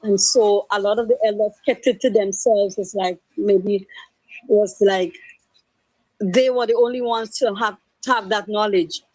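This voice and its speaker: A woman calling in to a radio show. Her voice is mellow and mid-pitched, and the sound is dry and close. She speaks reflectively and gently. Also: fairly even intonation, moderate pace, no room sound, rough recording. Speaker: caller. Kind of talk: phone-in call.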